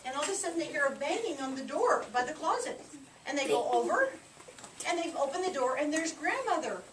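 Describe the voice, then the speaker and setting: A woman with a bright, high voice that swoops up and down narrates a fairy tale, pausing to prompt children to repeat the lines. She sounds far from the camera mic, in a boomy room with plenty of background noise. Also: sing-song, roomy sound. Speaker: storyteller leading children in a play. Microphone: camcorder mic from a distance.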